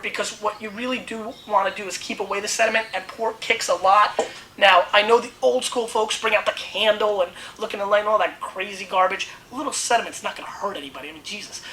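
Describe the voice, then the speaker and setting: A man hosting a casual wine tasting video, talking in a brash, blunt and excitable way. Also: high-pitched, a little hiss or hum, poor audio. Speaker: host.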